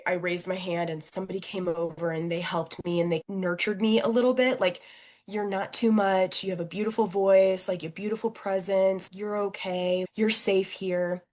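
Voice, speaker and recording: A young adult woman, a podcast guest and coach, telling a personal story in an animated, expressive way. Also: fairly low pitch. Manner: animated and expressive, acting out quoted voices.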